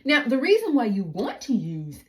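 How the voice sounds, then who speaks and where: A woman's voice: a little high, wildly swooping pitch, normal speed, a little hiss or hum. A woman from the United States, explaining baking steps in a chatty, rambling tutorial manner. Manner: chatty, explanatory, tangent-prone. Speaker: baking instructor. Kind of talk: casual cooking tutorial.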